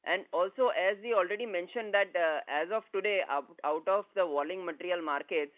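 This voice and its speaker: A man, a company executive giving steady, detailed answers on an earnings call. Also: high voice, a little fast. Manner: steady, explanatory, with fillers. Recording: phone-like conference line.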